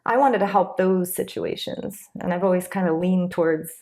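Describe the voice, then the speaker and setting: A woman with a slightly low voice chats as a guest in a relaxed interview. She speaks openly and from the heart, drifting through loose, rambling sentences full of small fillers. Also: moderate pace. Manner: open, heartfelt, rambling with many "you know"s. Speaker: guest, Reiki master and instructor. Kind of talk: casual interview chat.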